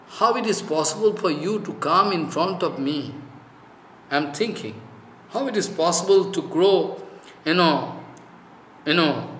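Male preacher, halting and filler-heavy, bright tone, recorded in an echoey room. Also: a little high. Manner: halting, many "you know" fillers, broken English. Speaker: spiritual teacher. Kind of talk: devotional sermon.

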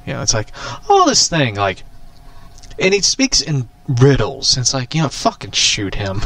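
Animated profane man rambling about a film. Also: medium pitch, unhurried, dry recording. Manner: animated, profane, laughing often. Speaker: vlogger. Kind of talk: casual rambling monologue.

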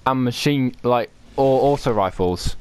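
A man chatting casually while playing an online game with friends, excitable and swearing often as he explains the rules. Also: medium pitch, measured pace, smooth. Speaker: gaming channel host. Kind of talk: casual gaming chat with friends.

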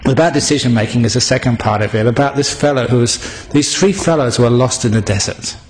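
A man from England giving a relaxed Buddhist talk to an audience, full of jokes and chuckles. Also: medium pitch, a little fast. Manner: relaxed, joking, chuckling teller. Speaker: Buddhist teacher.

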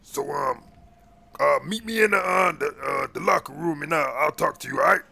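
A gruff, blustering cop on the take, as a man voices him in a game role-play, with a deeply gravelly, husky voice. He is bright and forceful, pitched a touch high, and he stammers through slangy street talk. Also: moderate pace, full character voice. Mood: scheming. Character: crooked male cop after a bribe, gruff and blustering. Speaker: police officer.

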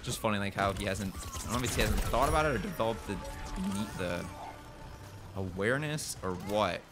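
A young man narrates his gameplay in a goofy, rambling way and keeps talking back to the game. His speaking voice sits on the low side but swings widely in pitch as he goes. Game music plays clearly behind him. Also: lively intonation, a little fast. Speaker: gaming channel host. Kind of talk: let's play commentary.

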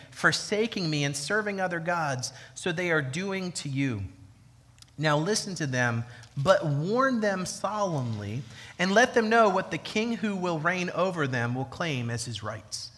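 A man preaching a sermon as pastor, emphatic and repeating key lines slowly for weight. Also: high-pitched, pushed and bright. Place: church sanctuary. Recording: church hall with long reverb.

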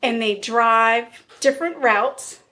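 Lady podcast host walking through a murder case, kinda high voice, loose chatty storytelling. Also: slow, pushed and bright. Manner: storyteller, acts out quotes with fillers. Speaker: co-host telling a true crime story. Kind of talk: casual true crime chat.

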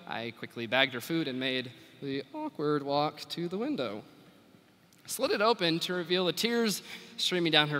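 A young man with a bright, forceful voice tells a story to a big crowd. His pitch swings widely as he goes, animated and expressive. The sound rings with the long reverb of a big hall. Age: young adult. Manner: animated, quotes people in acted voices. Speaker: FFA national officer giving retiring address. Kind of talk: storytelling keynote speech. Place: large convention arena.

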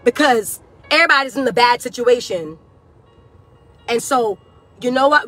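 A woman preaching a fervent prophetic sermon, repeating phrases and shouting at the peaks. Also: on the high side, animated, normal speed, breathy edge, faint music behind.

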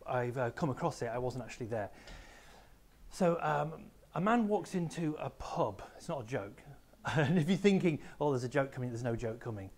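Male teacher, mid-pitched, clear explanatory assembly delivery to pupils. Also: darkish tone. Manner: explanatory, addresses pupils directly. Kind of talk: school assembly talk. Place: school room with a small live audience.

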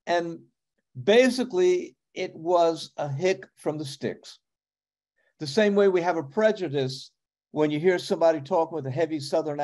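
Conversational New York preacher man, mellow. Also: a little high, moderate pace. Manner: conversational, asks the congregation questions, many fillers. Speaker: pastor. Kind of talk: sermon teaching.

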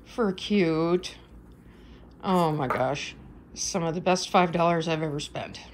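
A woman's voice: sits low, slow, slight background noise. A woman filming her cat at home, cooing and giggling in doting baby talk. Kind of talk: casual home video chat.

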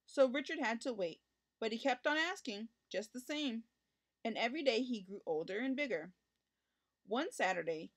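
A woman reading a children's picture book aloud, with expressive, lively storytelling for young listeners. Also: a little high. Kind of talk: children's read-aloud narration.

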